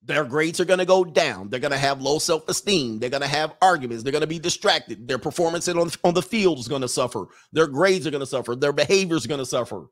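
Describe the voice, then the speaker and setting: A man's voice: fairly high pitch, expressive, fast, few pauses. Mocking, profane man in a comic rant. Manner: reads out viewer comments. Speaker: live show host. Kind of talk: casual comedic monologue.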